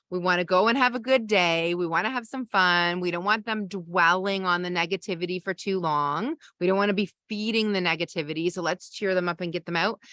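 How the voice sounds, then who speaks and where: Brief: woman parenting coach, lowish voice, dry close sound, chatty live Q&A. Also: a bit bright, no echo. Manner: conversational, reads viewer questions and answers off the cuff. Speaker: parenting coach and podcast host. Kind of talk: live masterclass Q&A.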